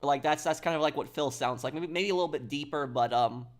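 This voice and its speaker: A man streaming a game, chatting casually and haltingly, reading out and answering chat. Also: on the high side.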